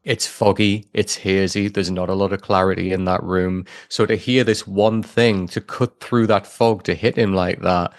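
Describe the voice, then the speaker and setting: A man's voice: low voice, steady tone, normal speed, few pauses, dry recording, clean studio sound. A man with an English accent co-hosting a podcast, gushing enthusiastically as he analyses a TV scene. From England. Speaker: podcast co-host. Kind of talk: casual chat analysing a show.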